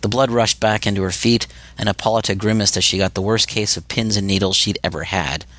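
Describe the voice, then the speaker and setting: A man reading his own novel aloud as audiobook narrator, steady and measured. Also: on the low side, no room sound. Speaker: author and narrator.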